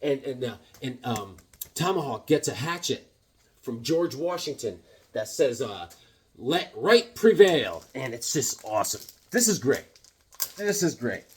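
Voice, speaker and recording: Middle-aged man, comic collector, casual show-and-tell, excited, rambling, lots of fillers. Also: mid-range voice, measured pace. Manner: enthusiastic, rambling, with many fillers and asides. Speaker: comic book collector vlogger.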